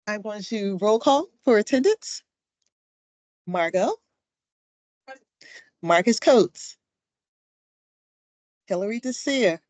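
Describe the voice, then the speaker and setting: A woman chairs a commission meeting, running roll call in a loose, upbeat way with plenty of fillers. She talks at an unhurried, drawn-out pace. Her voice sounds close and dry, with no room around it. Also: mid-range voice, dry recording.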